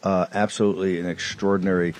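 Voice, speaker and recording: A man hosting a live broadcast show, talking quickly, cutting in and stumbling over restarts as he steers toward a break. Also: low-pitched, flat delivery, a little mellow. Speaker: talk show host.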